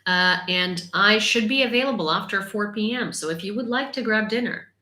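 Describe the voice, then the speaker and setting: A woman's voice: medium pitch, moderate pace, bright, forceful tone, roomy sound. A young woman from Ukraine with an American accent, chatting playfully with viewers as a livestream host. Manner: chatty and playful, reads comments aloud. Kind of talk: casual livestream chat answering viewers.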